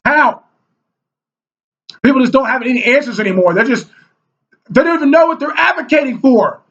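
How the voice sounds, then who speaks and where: High-voiced man ranting heatedly. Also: moderate pace, pauses often, a bit bright. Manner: heated and mocking, mimics opponents in whiny voices. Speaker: video blogger. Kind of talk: ranting monologue. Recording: dull lo-fi recording.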